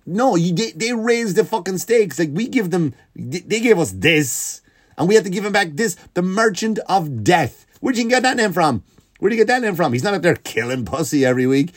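A man doing a profane comedic rant, jumping up and down in pitch. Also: moderate pace, dry recording, clean studio sound. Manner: profane, animated, swinging pitch.

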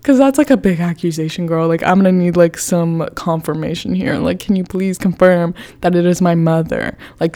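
A young woman in her twenties hosting a podcast, telling a story in a loose, chatty way full of fillers and casual swearing. Her voice sits somewhat low for a woman. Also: normal speed, few pauses, mellow. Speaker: podcast host.

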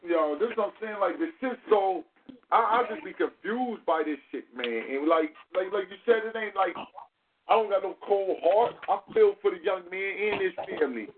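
A man's voice: sits high, moderate pace, a little hiss or hum. Man hosting a call-in show over a tinny phone line. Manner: animated, profane street slang. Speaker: show host. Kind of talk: casual call-in talk show.

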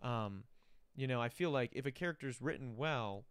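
A man hosting a podcast, reflective and quick with short reactions. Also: mid-range voice, a bit bright, smooth, no echo. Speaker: podcast host. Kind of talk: casual podcast chat.

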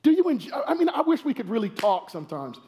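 A male pastor preaching a sermon in a church, animated, asking many rhetorical questions and stumbling into restarts. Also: very high-pitched, fast. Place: church sanctuary. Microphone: wears a microphone.

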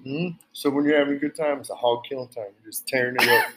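A man's voice: mid-range voice, quick pace, fairly bright tone, rough recording. A man, chatting casually in an easygoing way. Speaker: co-host. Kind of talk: casual chat.

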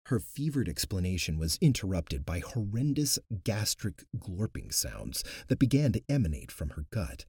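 A man narrating an audiobook in an expressive, animated way, close to the mic. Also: deep voice, normal speed, hardly any pauses, husky, no echo.

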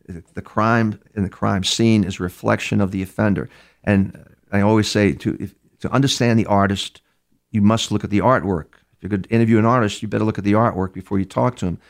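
A man's voice: lowish voice, vocal fry. A man from New York, a criminal profiler, telling case stories in an interview with many restarts and repeated words. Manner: acts out other speakers' words inside his stories. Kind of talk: storytelling in a conversational interview.

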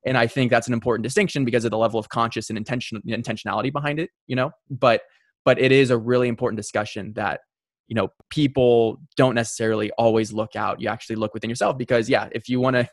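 A man's voice: mid-range voice, steady tone, fast talker, dry recording, studio quality. A young man hosting a casual conversation, reflective and hesitant, often repeating words as he thinks. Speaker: podcast host.

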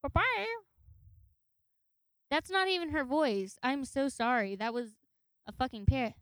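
A woman's voice: sits high, lively intonation, normal speed, smooth, no room sound. A young woman hosting a podcast in casual chat, rambling and giggly, with a chatty way of talking. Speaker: podcast host.

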